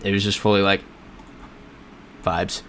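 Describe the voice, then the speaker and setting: Low-voiced man chatting on a livestream. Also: flat delivery, unhurried, a bit bright, slight background noise. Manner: rambling, self-correcting, chatty with chat. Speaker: livestream host playing a geography game. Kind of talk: casual livestream chat. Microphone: desk microphone.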